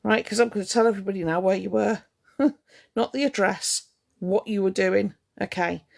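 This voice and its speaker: A woman livestreaming, bluntly cross and sarcastic as she reads and answers her chat. Her voice is mid-pitched with a gravelly, creaky edge. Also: moderate pace, darkish tone. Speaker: livestream host. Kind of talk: ranting livestream talking to chat.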